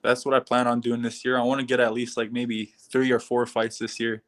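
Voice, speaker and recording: Speaking fairly quickly and in a monotone, a young fighter from Canada handles casual interview questions on a video call. His middle-pitched voice is average, his manner relaxed, and he occasionally breaks into gentle laughter.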